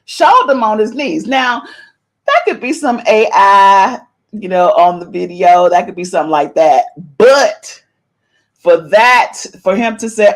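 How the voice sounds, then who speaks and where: A middle-aged woman hosting a podcast, giving chatty, animated celebrity gossip commentary and playfully meowing her catchphrase. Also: medium pitch, a little slow. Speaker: podcast host.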